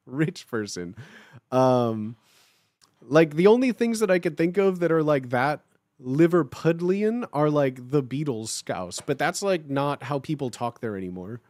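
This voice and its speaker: A male livestreamer talking casually to his viewers, his voice sitting a touch higher than most men's. He speaks in a halting, stop-start way, full of filler sounds and restarts. The sound is dry and close on a streaming mic, with no room echo. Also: animated, darkish tone.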